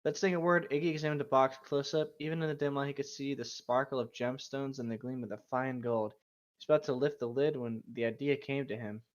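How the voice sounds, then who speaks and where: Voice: mid-range voice, steady tone, brisk. Amused co-host reading, dull lo-fi sound. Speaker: podcast co-host. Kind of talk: comedic reading aloud.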